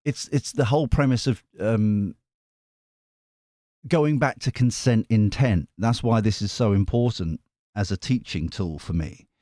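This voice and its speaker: A man's voice: on the low side, measured pace, dark tone, no room sound, clean studio sound. A man, a tarot reader, chatting casually to his viewers in a rambling, playful way. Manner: rambling, self-interrupting, playful.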